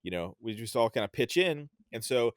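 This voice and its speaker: A man's voice: mid-range voice, animated, moderate pace, no echo, clean studio sound. Rambling man on a hobby podcast. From Florida, US. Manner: rambling, with lots of fillers and restarts. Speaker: podcast co-host. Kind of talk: casual podcast chat.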